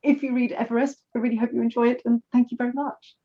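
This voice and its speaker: A woman author reading aloud from her novel in a measured, careful way over a video call. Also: a little high, flat delivery, lo-fi sound.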